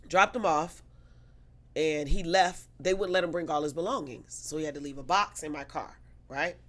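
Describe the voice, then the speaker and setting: A woman guest telling a story in casual chat, animated and profane, acting out the people she quotes. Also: low voice, normal speed.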